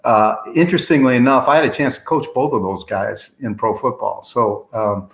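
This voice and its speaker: A man hosting a casual interview chat, telling stories with quick asides and lively energy. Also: mid-range voice, reverberant. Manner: animated storyteller, quick asides. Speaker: host.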